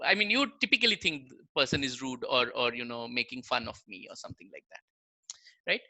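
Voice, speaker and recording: A man's voice: a little high, animated, quick pace, sharp tone, rough recording. Guy giving a chatty lecture, voice jumps around a lot, keeps saying right? and you know. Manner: conversational, explains with examples, keeps checking in with "right?" and "you know". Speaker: guest lecturer, language researcher. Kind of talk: online public lecture.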